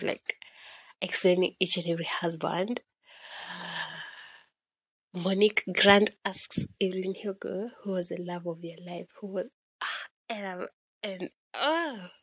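A young woman, chatting casually and excitedly about books she loved, slipping Swahili slang into her English and recording on her phone. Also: medium pitch, slightly rough, no room sound. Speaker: podcast host.

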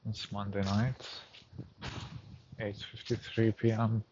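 A man's voice: on the low side, level tone, slow, lo-fi sound, noisy background. A man talking to himself on a night walk outdoors, recounting a story in a reflective, casual monologue. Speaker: vlogger.

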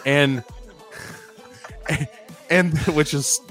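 A man co-hosting a podcast, talking over a film in halting, casual speech with sudden rises when making a point. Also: medium pitch, big pitch swings, fairly bright tone, soft background music. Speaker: podcast co-host. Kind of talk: casual movie review chat.

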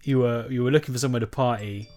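A man's voice: medium pitch, steady tone, very fast, darkish tone, faint music behind. A man in casual comedic chat, setting up bits with dry quips. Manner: dry, feeds prompts and quips, laughs often.

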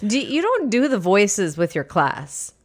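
A woman's voice: medium pitch, very animated, measured pace. A woman co-hosting a podcast for teachers, chatting casually with dry teasing humor. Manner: dry, teasing, keeps things on track. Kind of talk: casual chat.

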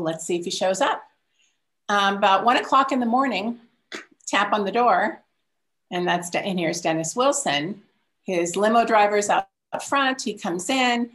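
A woman's voice: medium pitch, fairly bright tone. An older woman telling a personal story in a casual, chatty way, often laughing and lifting her voice to quote others.

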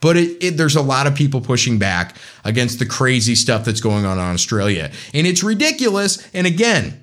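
An American man hosts his own podcast, his pitch climbing and dropping in a lively way. He speaks with passion, pressing his listeners to act. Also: fairly quick. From United States. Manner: impassioned, urging listeners to act. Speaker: podcast host. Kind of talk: political commentary podcast.

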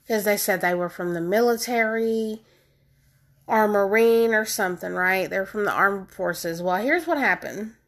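A woman telling her viewers a personal story in an animated, emphatic, casual way, often calling them y'all. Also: mid-range voice, a little slow. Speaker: vlogger.

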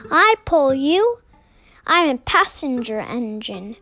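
A woman's voice: sits high, sing-song, slow, sharp tone, no echo, full character voice. A woman doing a snooty passenger engine. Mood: haughty. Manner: snooty, disdainful. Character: haughty proud male passenger engine.

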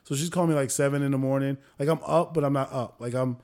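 A man co-hosting a podcast in casual, animated, slang-heavy chat. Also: medium pitch, quick pace. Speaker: podcast co-host.

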